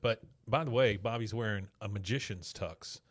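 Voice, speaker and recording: A man's voice: fairly low pitch, moderate pace. A man in his thirties co-hosting a podcast, casually recapping an episode scene by scene and acting out the characters' lines. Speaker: podcast co-host.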